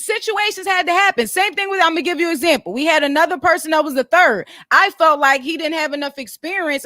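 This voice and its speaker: A woman's voice: sits high, fairly bright tone, no echo, studio quality. A woman hosting a casual commentary vlog, blunt and profane as she walks her viewers through business details. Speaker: commentary channel host.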